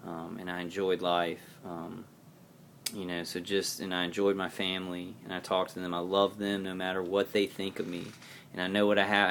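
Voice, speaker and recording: A man talking to his viewers in a personal video diary, in a rambling, halting, earnest way. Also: low voice, a bit bright, a little hiss or hum. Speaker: vlogger.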